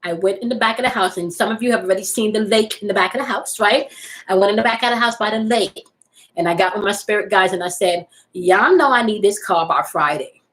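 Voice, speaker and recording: A woman's voice: medium pitch, fast talker, rough recording. Woman in her 40s chatting on a spiritual live stream, real frank and playful, laughs a lot, calls folks y'all and honey. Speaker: spiritual host reading live chat. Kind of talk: casual live-stream chat.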